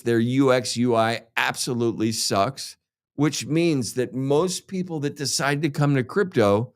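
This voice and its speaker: A man hosting a crypto show, ranting heatedly and sarcastically with constant swearing. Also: mid-range voice. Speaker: crypto podcast host. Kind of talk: profane ranting monologue.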